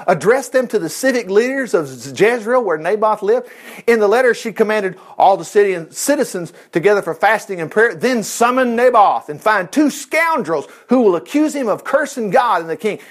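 A middle-aged man preaching a sermon, retelling scripture with lively asides and exclamations. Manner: animated, swings pitch widely, asides and exclamations.

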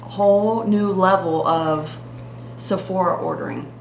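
A woman's voice: lowish voice, unhurried, gravelly, reverberant, a little hiss or hum. A middle-aged woman, the mother on a family podcast, talking in a teasing, wry way. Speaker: guest, mother. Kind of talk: casual family chat.

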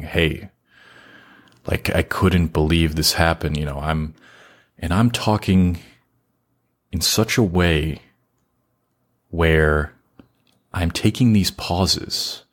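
A man being interviewed on a podcast, earnestly explaining his advice with deliberate pauses. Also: low-pitched, a bit bright. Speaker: podcast guest giving advice on content creation. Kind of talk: casual interview chat.

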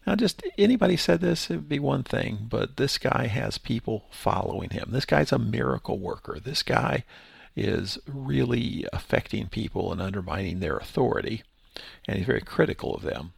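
A man's voice: mid-range voice, expressive, normal speed, creaky, slightly rough, dry recording. A man who is a pastor and podcast host, reading scripture aloud and then explaining it in a conversational teaching style. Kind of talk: Bible study podcast teaching.

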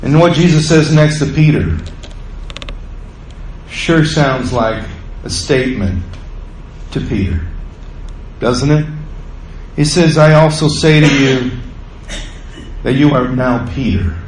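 Animated preacher, echoey church. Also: male voice, takes it slowly, pauses often, a little hiss or hum. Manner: animated preaching, acts out quotes with rising pitch and volume. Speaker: pastor. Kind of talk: sermon. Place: church sanctuary. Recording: echoey church room, faint ambience.

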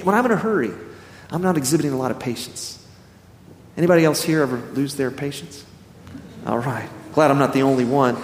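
A man preaching a sermon as a pastor, telling a personal story and acting out his own thoughts before turning to scripture. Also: fairly high pitch. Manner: storytelling, animated quoting of himself. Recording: echoey hall.

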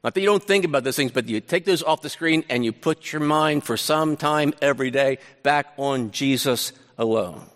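Animated preacher in a reverberant hall. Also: male voice, mid-range voice, moderate pace, few pauses. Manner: conversational, animated paraphrasing of scripture with restarts. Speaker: pastor. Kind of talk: sermon.

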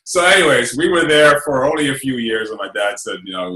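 A middle-aged man, raised in England, chatting in a relaxed, rambling way as an interview guest, full of fillers and tag questions. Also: lowish voice, a little fast, hardly any pauses, echoey room, poor audio. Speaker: radio host guest. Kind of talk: casual interview.

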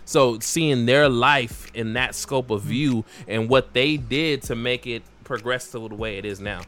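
A young man co-hosting a podcast in casual chat, animated, swearing a lot and calling his friend "bro.". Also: mid-range voice, a little slow, a little hiss or hum. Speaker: podcast co-host.

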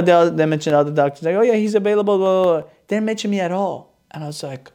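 A young man, a chiropractor, telling a personal story and acting out the quoted lines with big jumps in pitch. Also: fast, few pauses, a little mellow.

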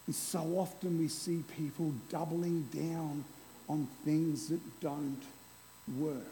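Brief Male pastor, energetic sermon, slightly higher voice, long church reverb, faint room hum. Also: slow pace. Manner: lively and playful, with an object lesson. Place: church hall before a congregation.

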